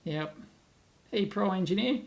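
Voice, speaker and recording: An Australian man hosting a casual livestream. He reads viewer comments aloud, laughs often and rambles as he thinks out loud. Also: high-pitched, expressive, unhurried, creaky. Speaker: livestream host. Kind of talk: casual live-stream chat, reading viewer comments aloud. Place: at home on a laptop, away from his office.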